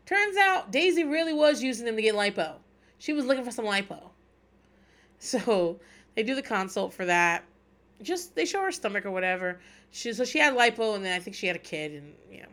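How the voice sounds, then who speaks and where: A woman's voice: on the high side, big pitch swings, brisk, fairly bright tone. A woman in her thirties hosting a podcast, chatting candidly and swearing freely as she recaps a show. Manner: profane, candid and wry. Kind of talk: casual chat.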